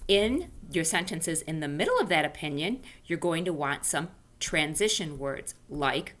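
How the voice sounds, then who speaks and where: Bright, sing-song woman teaching young kids. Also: low-pitched. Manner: animated, sing-song, speaks slowly to children. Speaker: elementary school teacher. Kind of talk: online class for young children with read-aloud. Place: home room.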